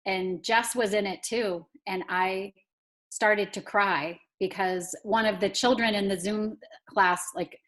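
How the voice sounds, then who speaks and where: A woman's voice: medium pitch, fairly even intonation, slow pace, a bit bright. Woman colleague telling stories on a call. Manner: storytelling, acting out quoted speech. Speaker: school staff member. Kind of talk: casual video-call chat.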